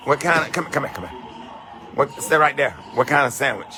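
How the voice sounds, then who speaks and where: A middle-aged man filming a casual home video, teasing a child with quick-fire questions. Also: a little high. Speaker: radio host filming at home with grandchildren. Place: home, indoors.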